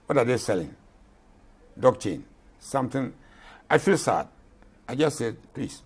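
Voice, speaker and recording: Speaking unhurriedly as an interview guest, an elderly retired general from Ghana in his eighties makes his case with passion and emphasis, frequently going back over his points. His husky, slightly rough voice rises and falls in big pitch swings as he argues.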